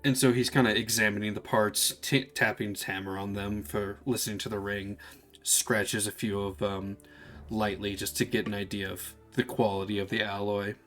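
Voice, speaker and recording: A man running a tabletop game as game master, describing scenes in a relaxed way. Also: lowish voice, moderate pace, faint music behind. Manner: relaxed, descriptive, acts out characters.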